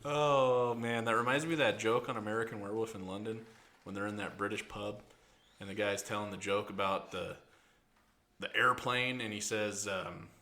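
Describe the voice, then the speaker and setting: A man's voice: on the low side, fairly even intonation, normal speed, pushed and bright. A man hosting a casual podcast, chatting and telling rambling stories with easy laughter. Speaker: podcast host. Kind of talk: casual chat.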